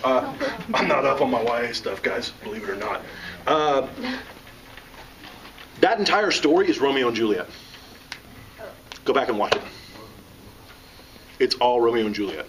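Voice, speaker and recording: A man's voice: mid-range voice, normal speed, pauses often, background noise. A man from the South, an author and teacher telling jokes and stories to a live audience. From American South. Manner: joking, animated storyteller. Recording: distant mic with audience around.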